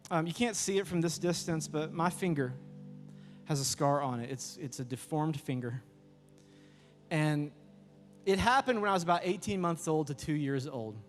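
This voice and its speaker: Lively youth pastor in a hall. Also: male voice, on the high side, moderate pace. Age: 30s. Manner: lively storytelling, acts out voices. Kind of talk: youth sermon. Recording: echoey hall with music behind.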